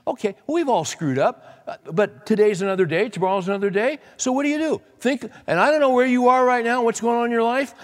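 In a reverberant hall, a pastor preaches in a folksy, conversational style, reading scripture and speaking plainly to his congregation. His voice sits high, with lively intonation and a slightly fast pace.

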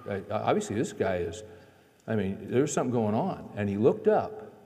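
A man's voice: lowish voice, sing-song, normal speed, warm tone. A man preaching a sermon in a chatty, folksy storytelling way, acting out the dialogue in his stories. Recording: long reverb of a large hall.

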